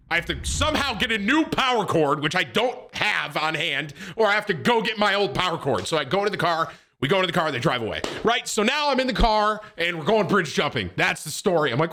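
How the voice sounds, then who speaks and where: Animated, cursing male streamer. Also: on the high side. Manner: animated, profane, acts out quotes in raised voice. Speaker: streamer telling a story. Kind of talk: casual storytelling to chat.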